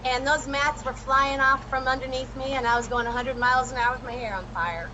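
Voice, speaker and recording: A woman guest telling her own story in a lively, animated way during a casual chat. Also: high-pitched, a little fast, lo-fi sound, a little hiss or hum.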